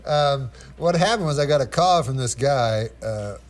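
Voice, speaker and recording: A man telling a long, rambling anecdote as a comedy guest, full of halting restarts and dry asides. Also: medium pitch, expressive. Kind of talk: casual anecdote on a talk show.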